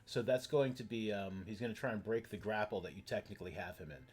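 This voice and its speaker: A man running an online tabletop game as game master, explaining rules in halting, rambling sentences full of fillers. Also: fairly low pitch, darkish tone, husky.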